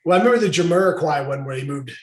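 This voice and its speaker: A man with a high, light voice rambles through a casual comedy chat, cracking jokes. The sound is echoey, as if from a bare room, and carries the thin quality of a video call. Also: animated, rapid-fire. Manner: rambling, jokey, breaks into silly voices. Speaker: podcast co-host.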